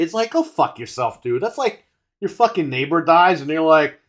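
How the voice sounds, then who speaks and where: A man's voice: a little high, lively intonation, fairly quick. A man co-hosting a casual podcast, ranting with heavy swearing, his throat congested. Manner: ranting, profane. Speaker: podcast co-host.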